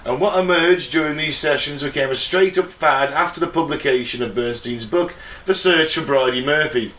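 A man's voice: on the high side, moderate pace, a bit bright. An English man co-hosting a podcast, reading out a case from notes and laughing along with friends. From England. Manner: laughs often, reads notes then riffs. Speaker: podcast co-host. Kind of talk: casual chat, reading out a case. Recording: echoey room.

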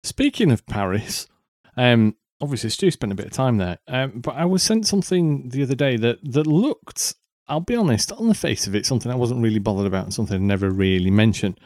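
A man's voice: medium pitch, lively intonation, brisk, few pauses, darkish tone, no room sound, clean studio sound. A man co-hosting a podcast, chatting casually with lots of ums and restarts. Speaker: podcast co-host. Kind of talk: casual chat.

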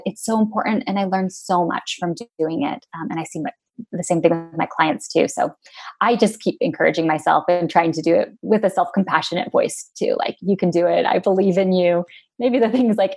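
Reflective woman guest, lowish voice. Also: a little mellow, slightly rough. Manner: reflective, uses many fillers like "like" and "um". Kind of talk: casual interview chat.

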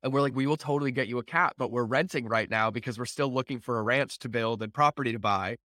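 A man hosting a podcast, telling a family story in a casual, animated way and acting out the voices of his wife and son. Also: medium pitch, quick pace, no room sound. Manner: animated, acts out family dialogue with laughs. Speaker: podcast host.

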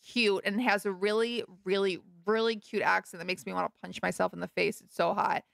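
A young woman with a gravelly edge to her voice chats casually as a podcast co-host. She gossips in a playful, drawn-out way, and the recording is close and dry. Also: medium pitch, level tone, no room sound. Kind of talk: casual chat.

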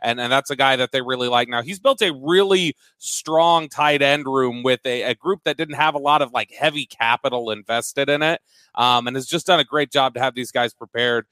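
Bright, punchy guy hosting a football chat, dry close mic. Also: mid-range voice, moderate pace, no room sound. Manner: conversational, steers the segment, stammers on restarts. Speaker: host. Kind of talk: casual sports talk.

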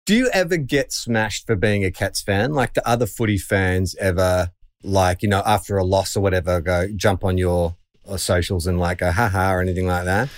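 A man's voice: deep voice, normal speed. An Australian man hosting a podcast in casual chat, often laughing and acting out quoted remarks. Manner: chatty, laughing, acts out quotes in a raised voice. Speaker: podcast host.

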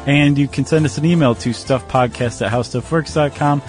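A man's voice: mid-range voice, moderate pace, soft background music. A man co-hosting a podcast in casual chat, wry and joking. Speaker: podcast co-host.

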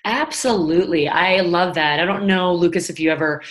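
A woman guest speaking in a conversational interview as a motivational speaker, earnest and emphatic, sometimes breaking into animated quotes of herself. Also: on the low side, normal speed.

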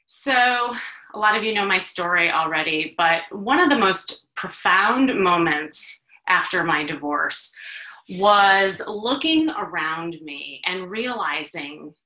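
A woman from Chicago, hosting a talk for women and telling her own story in an animated, confiding way with laughs and restarts. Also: on the low side, slow pace, roomy sound, low-quality recording. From Chicago, USA. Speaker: host, dating coach. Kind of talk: personal storytelling to an audience of women.

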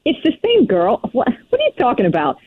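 A woman's voice: on the high side, huge pitch swings, quick pace, husky, dry recording. Brash woman, put-on New York accent. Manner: brash, breezy, full of fillers. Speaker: caller. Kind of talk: phone-in radio chat. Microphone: phone. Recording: tinny phone line.

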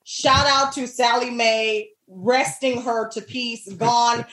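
A lively woman chats as a podcast guest, her fairly high voice bouncing between laughs and acted-out quotes. The sound is roomy, with a clear echo around her. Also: slow pace, slight background noise. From New Jersey, USA. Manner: animated storyteller, laughs often, acts out quotes. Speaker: guest, comic actor. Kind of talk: casual podcast chat.

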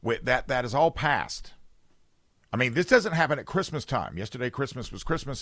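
A man's voice: medium pitch, sing-song, moderate pace, fairly bright tone, dry recording. Sarcastic, rambling man on talk radio. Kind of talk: opinionated talk radio chat. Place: radio studio.

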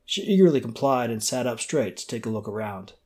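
A male audiobook narrator reading a novel in a steady, measured voice. His pitch sits at an ordinary middle for a man, and his delivery stays even and unhurried. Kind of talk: scripted narration.

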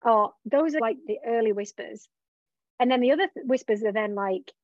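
A woman's voice: a little high, brisk, dry recording. A woman business coach being interviewed, talking openly and reflectively about her own journey, often voicing her own past thoughts aloud. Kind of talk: candid conversational interview. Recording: dull, dry lo-fi recording.

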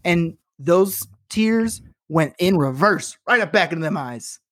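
Animated, profane man telling a story. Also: fairly high pitch, unhurried, no room sound, clean studio sound. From works in Los Angeles. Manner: animated, profane, acts out quotes. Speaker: podcast co-host. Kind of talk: casual storytelling chat.

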